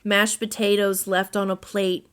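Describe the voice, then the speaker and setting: A woman voicing a fussy, excitable male owl as she reads a children's storybook aloud. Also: measured pace, clear, resonant tone, natural voice. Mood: mournful. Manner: high, fretful storybook voice.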